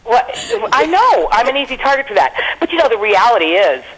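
A woman in her forties, a comedian guest telling stories in a brash, profane, animated way during a casual interview. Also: on the high side, a little fast, breathy edge, poor audio.

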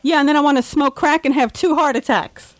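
A woman with a high, bright pitch hosts a casual comedy talk show. She talks with dry, close sound and lands sarcastic jokes in quick asides. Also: no echo.

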